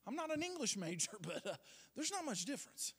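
A man preaching a sermon as pastor, impassioned, dropping to hushed tones and rising to loud declarations. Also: extremely high pitch, big pitch swings, a little fast, husky. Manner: impassioned, shifts between hushed and loud delivery.

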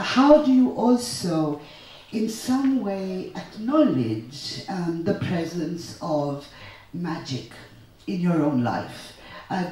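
Indian woman telling stories in an echoey hall. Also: lowish voice. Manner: animated, anecdotal, with acted-out quotes. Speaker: author and translator. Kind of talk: storytelling talk at a literary festival. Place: festival hall. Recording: echoey hall, distant mic.

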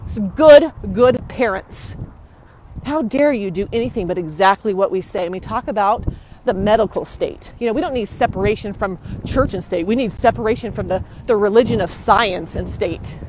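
Her phone in hand, a young woman streams live while hurrying past a courthouse outdoors, agitated, indignant and repetitive. She speaks at normal speed with a medium-pitched, slightly mellow voice. The audio is rough, with a little hiss or hum.

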